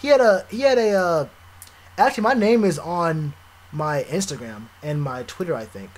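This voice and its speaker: Animated young man with a high voice. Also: normal speed, slight background noise. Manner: animated, repeats himself, casual slang. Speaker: streamer. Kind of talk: live stream reaction chat.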